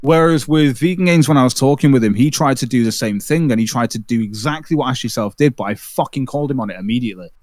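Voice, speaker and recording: A man hosting a livestream, telling stories in an animated, casual way with frequent swearing. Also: medium pitch, quick pace, few pauses, dry recording, clean studio sound. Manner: animated storytelling, swears freely, many restarts. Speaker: livestream host. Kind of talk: casual chat.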